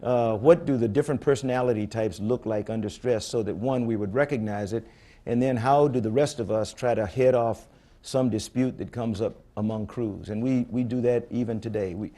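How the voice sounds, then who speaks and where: Before an audience in a conference room, an older space agency head takes questions at a public forum. His mid-range voice carries a warm tone. He answers conversationally, in a blunt and candid way, telling stories that he keeps restarting.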